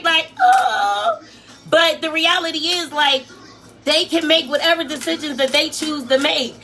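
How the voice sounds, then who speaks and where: A woman with a Philadelphia accent telling a story in casual vlog chat, slangy and swearing freely, acting out what people said. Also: very high-pitched. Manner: animated, slangy, swears freely, acts out quotes. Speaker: vlogger and life coach.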